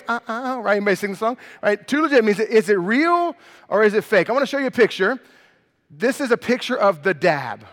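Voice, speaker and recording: A middle-aged male pastor preaching a sermon, lively and quizzing the congregation with questions. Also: sits high, long reverb tail.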